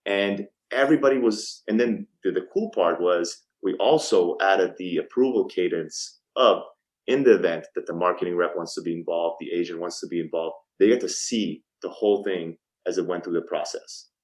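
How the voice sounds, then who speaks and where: Deep-voiced guy in his 30s on a podcast, chatty storyteller, acts out phone calls, lots of ums. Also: normal speed, low-quality recording. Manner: frequent ums and restarts. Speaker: podcast guest, startup co-founder. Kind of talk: casual storytelling interview.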